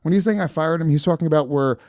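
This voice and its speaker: A man explaining defensively on a podcast, repeating himself with halting restarts. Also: a little high, a little mellow, no room sound, clean studio sound. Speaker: podcast host.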